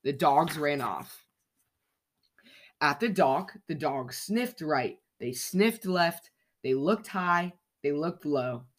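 Slow, expressive children's story reader. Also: medium pitch. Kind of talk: storybook read-aloud for kids.

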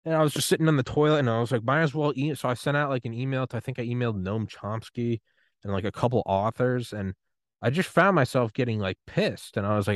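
A man hosting his own podcast, delivering a rambling, profane solo rant that gets animated when he is riled up. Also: mid-range voice, fast talker, dry recording, studio quality. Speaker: podcast host.

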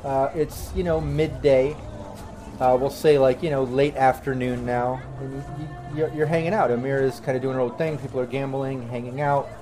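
A man's voice: mid-range voice, normal speed, poor audio. A man running a tabletop role-playing game as game master, chatting loosely and laughing with his players. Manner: relaxed, chatty, laughs often. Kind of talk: narrating a tabletop game with friends.

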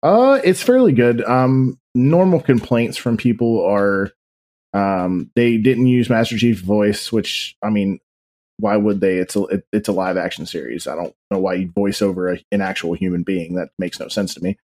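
Low-voiced, measured podcast guest. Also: male voice, darkish tone. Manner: measured, explains his views at length. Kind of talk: casual gaming podcast chat.

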